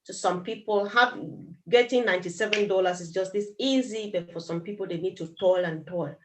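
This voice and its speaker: A woman's voice: medium pitch, a little fast, noisy background. Chatty woman hosting a live chat. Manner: affirming, chatty, giggles between thoughts. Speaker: host.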